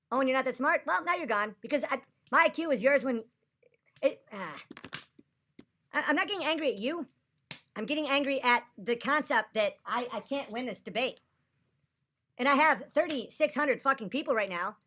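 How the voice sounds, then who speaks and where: A woman's voice: high-pitched, lively intonation, a little fast, sharp tone. A tipsy woman ranting and arguing on a livestream, agitated and profane. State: tipsy after a few drinks. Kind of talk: livestream rant.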